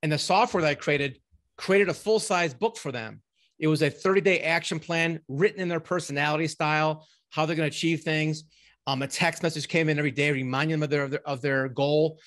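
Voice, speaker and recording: A middle-aged man with a slightly high voice speaks as an interview guest over a remote connection. He tells his stories in a rambling, animated way, full of fillers and restarts. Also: fairly quick. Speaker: podcast guest, ghostwriting company owner. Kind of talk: casual interview storytelling.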